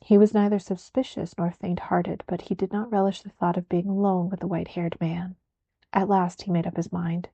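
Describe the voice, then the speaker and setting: A woman narrating a book aloud as a soft, unhurried ASMR reading. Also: on the low side, level tone, breathy edge, no echo, dull audio.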